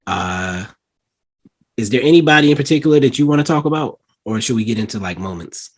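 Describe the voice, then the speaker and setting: A man's voice: medium pitch, fairly quick, husky. A man co-hosting a podcast, chatting casually and acting out movie moments as he retells them. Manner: animated storytelling, acts out lines in quotes. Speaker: podcast co-host. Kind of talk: casual chat.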